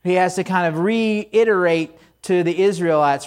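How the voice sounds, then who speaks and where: A man's voice: high-pitched, normal speed, few pauses, clear, resonant tone. A middle-aged man, a pastor, delivering a conversational sermon in a casual, storytelling way with frequent asides.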